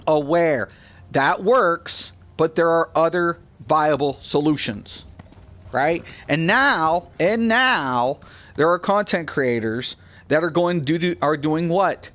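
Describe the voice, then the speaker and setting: Blunt, high-voiced gaming ranter. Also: male voice. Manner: blunt, swears freely, heated and rambling; swings between grumbling low and excited loud. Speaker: gaming channel host. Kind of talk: casual gameplay rant.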